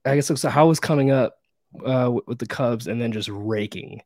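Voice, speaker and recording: A man's voice: medium pitch, normal speed, no echo. Casual male host, dry close sound. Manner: casual, excited, swears freely. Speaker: podcast host. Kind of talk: casual interview chat.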